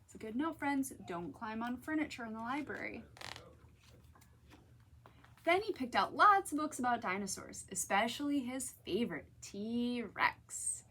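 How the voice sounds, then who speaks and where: Woman librarian at story time, lively voice and fairly high pitch. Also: unhurried, a little hiss or hum. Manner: animated, talks to children directly. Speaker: children's librarian. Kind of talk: picture-book story time read-aloud.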